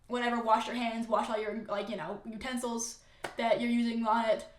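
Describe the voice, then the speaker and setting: Young woman, sarcastic reaction host, slightly high voice, echoey room. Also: flat delivery, normal speed, slight background noise. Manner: chatty, exasperated, sarcastic. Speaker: content creator reacting to comments. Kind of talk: casual reaction commentary.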